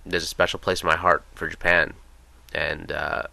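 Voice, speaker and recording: A man's voice: low voice, level tone, normal speed, creaky, bright, forceful tone, no echo. A young American man telling casual, rambling stories in a chatty way, with many fillers. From United States. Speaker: vlogger. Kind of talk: casual storytelling.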